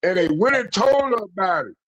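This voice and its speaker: A man calling in, telling a story casually with profanity and acting out quotes in an animated way. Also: sits high, brisk, a crowd in the background, poor audio. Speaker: caller.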